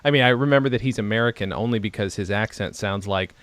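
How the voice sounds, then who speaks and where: A man's voice: fairly low pitch, fast, a bit bright, no echo. A man hosting a podcast, chatting eagerly, laughing often and adding enthusiastic asides. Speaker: podcast host. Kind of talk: casual chat.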